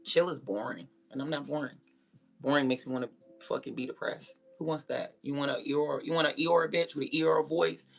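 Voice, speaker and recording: A woman's voice: low-pitched, steady tone, brisk, vocal fry, soft background music. A young woman hosting a livestream, ranting bluntly and confrontationally with lots of profanity. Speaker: livestream host. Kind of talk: casual livestream rant.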